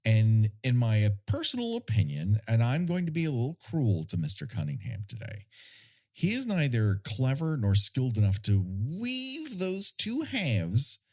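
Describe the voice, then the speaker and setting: A man's voice: medium pitch, huge pitch swings, a little slow. A man co-hosting a podcast, chatting casually about a film in a sardonic, profane, storytelling way. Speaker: podcast co-host.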